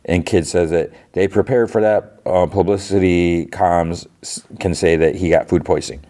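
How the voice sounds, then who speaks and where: A man's voice: low-pitched, fairly even intonation, moderate pace, mellow. A man hosting a podcast, casually recapping a TV episode in a loose, filler-heavy way. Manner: rambling, filler-heavy retelling with many "like" and "you know". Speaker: podcast host.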